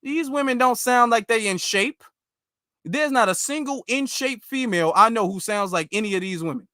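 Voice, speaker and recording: High, bright-voiced man ranting. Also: expressive, moderate pace, no room sound, studio quality. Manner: rambling, with many fillers and restarts; rhetorical questions, emphatic. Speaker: commentary host. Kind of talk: reacting to clips, casual commentary.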